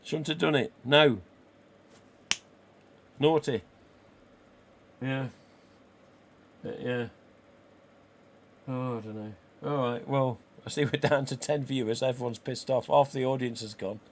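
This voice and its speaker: A man in his forties from England hosts a casual live stream, chatting, swearing freely and acting out the dialogue he quotes in his English accent. His voice is medium-pitched and slow with frequent pauses, and there's a little hiss or hum.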